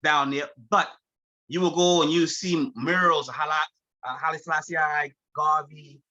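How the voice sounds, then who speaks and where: A man from Charleston with a Gullah Geechee-tinged accent, telling stories on a video call. His voice is bright and sits a bit high for a man, and he laughs easily through his anecdotes. The audio is dull and muffled. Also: normal speed. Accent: Gullah Geechee-influenced Charleston. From Charleston, South Carolina. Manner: animated, laughs often, mimics friends in quotes. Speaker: chef, guest. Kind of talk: casual conversational storytelling.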